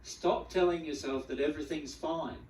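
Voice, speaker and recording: A man giving a spiritual teaching talk to a group, animated, acting out the feelings he describes and often repeating words as he goes. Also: on the high side, moderate pace, slight background noise. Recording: echoey room, mic at a distance.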